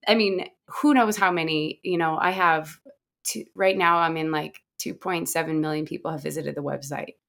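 This guest is the American founder of a satirical website, speaking in a casual interview. She has a deep, gravelly yet fairly bright voice, holding a steady tone at a moderate pace as she rambles earnestly, restarting often and leaning on fillers.

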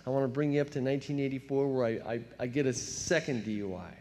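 A man in his fifties from telling his recovery story at a meeting, storytelling with self-mocking laughs and quick put-on voices for his younger self. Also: medium pitch, a little mellow, slight background noise. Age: 50s. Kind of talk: personal testimony talk. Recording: long hall reverb.

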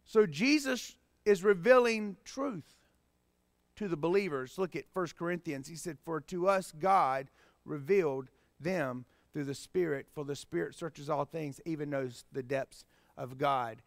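A man preaching a sermon as pastor, swinging from hushed, tender passages to emphatic, rising appeals. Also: on the high side, unhurried, dry recording. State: choked up with emotion.

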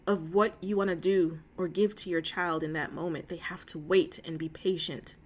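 A woman's voice: mid-range voice, fairly bright tone. A woman hosting a casual faith talk on a call, earnest and emotional, chatty with many fillers and asides. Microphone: phone call.

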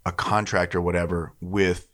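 A man with a very deep voice co-hosts a casual podcast. He tells stories in an animated way and often laughs along. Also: normal speed. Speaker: podcast co-host.

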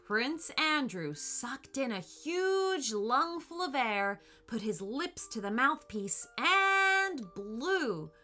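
A woman narrating a children's storybook in an expressive, unhurried way. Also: high-pitched. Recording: soft background music.

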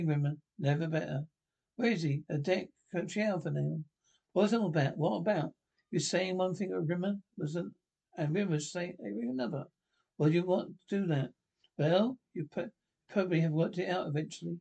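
A man's voice: fairly high pitch, gravelly, darkish tone, breathy edge. A man reading a comedy TV script aloud, voicing every part himself and reading the stage cues plainly between the lines. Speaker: podcast reader.

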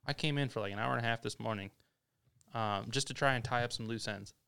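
A man in casual chat as co-host, relaxed and swearing casually while telling his own story. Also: medium pitch, quick pace, creaky, clear, resonant tone. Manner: laid-back, swears casually. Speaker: podcast co-host.

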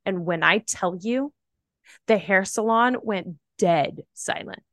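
A young adult woman tells a personal story as a podcast guest, animated and chatty with plenty of "like" fillers. Her voice sits at an ordinary middle pitch. The sound is close and dry, with no room echo. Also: slow. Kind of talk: casual storytelling.

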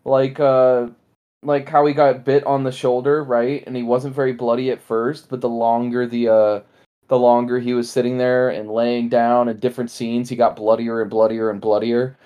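A woman's voice: moderate pace, phone-quality sound. A woman co-hosting a podcast, chatting casually and in a rambling way about a movie, acting out lines. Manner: animated, rambling, acts out lines in high voices. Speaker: podcast co-host. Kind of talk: casual movie review chat.

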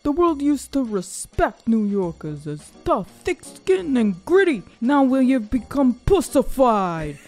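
Woman putting on a loud New York protester guy. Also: a little high, big pitch swings, unhurried, faint music behind, pitched above the performer's own voice. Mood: indignant. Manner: shouty, gritty, indignant.

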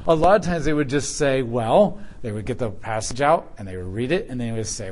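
Man, Bible teacher, verse-by-verse sermon, casual conversational delivery, medium pitch. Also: very animated, fairly quick, few pauses. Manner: informal and conversational, with plain slang.

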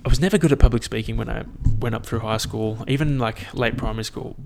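A young man hosts a solo podcast, his medium-pitched voice fast and creaky over music. He chats casually and rambles, mocking himself and swearing plenty.

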